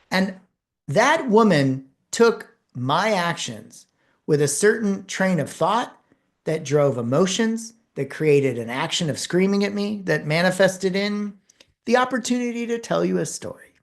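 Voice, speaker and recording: This woman works as a speaker and communication coach; in her course lecture she narrates animatedly and pauses for emphasis, speaking in a lowish voice.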